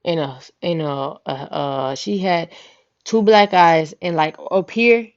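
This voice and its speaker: A young woman vlogger telling a story casually, animated, profane and full of slang, acting out the voices of the people in it. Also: on the low side, slow pace. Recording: dull lo-fi recording.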